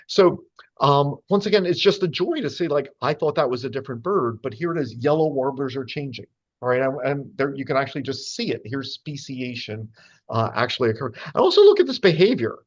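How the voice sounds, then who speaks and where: A man's voice: medium pitch, sing-song, fairly quick, lo-fi sound. A man giving a casual, chatty lecture with slides to a group of birders, full of fillers and playful asides. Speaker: speaker giving a talk to birders.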